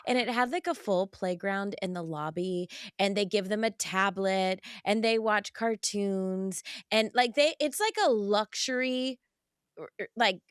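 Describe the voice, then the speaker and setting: A woman's voice: medium pitch, a little slow, smooth, no echo, studio quality. A middle-aged woman co-hosting a podcast, chatting casually with emphatic, laughing delivery. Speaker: podcast co-host. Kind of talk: casual chat.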